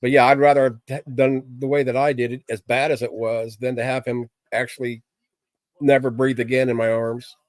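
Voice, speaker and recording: A middle-aged man at a medium pitch chats casually with his livestream viewers. He rambles in a plain-spoken, candid way, full of fillers. The recording sounds dry and close, with no room echo. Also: little pitch movement, brisk. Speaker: livestream host chatting with viewers.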